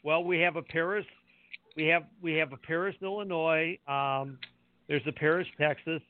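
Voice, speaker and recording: A man's voice: a little high, steady tone, normal speed. A man co-hosting a wrestling podcast, jokey and playful in casual chat. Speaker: co-host. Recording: phone-like lo-fi call audio.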